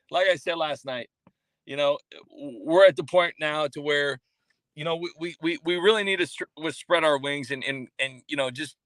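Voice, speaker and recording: A man hosting a casual livestream from a coffee shop, reading chat names and rambling with many fillers and restarts in a self-mocking deadpan way. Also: on the high side, dry recording.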